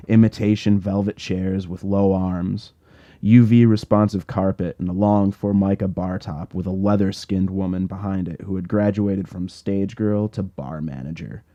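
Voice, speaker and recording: A man, the author himself, narrates his own novel for an audiobook in a wry, laid-back first-person manner. His voice is low and mellow. The recording is a little dull and lo-fi.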